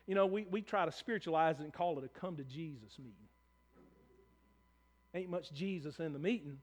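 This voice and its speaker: A man preaching a sermon, earnest and conversational, often repeating and restarting words. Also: high voice. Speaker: pastor.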